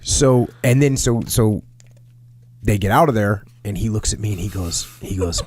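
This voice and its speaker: Podcast host, male, low pitch, dry studio sound, casual war-story telling. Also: big pitch swings, normal speed, darkish tone, breathy edge, no room sound. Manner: storytelling with military jargon, frequent restarts.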